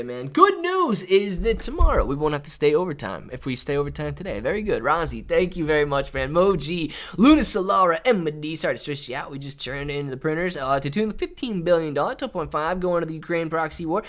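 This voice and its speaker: A male livestream host chatting casually with his viewers. His pitch swings widely from low to high, and he drags out phrases with a jokey, teasing playfulness. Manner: lively, reads chat messages aloud in playful mock voices; jokey, drawn-out teasing delivery.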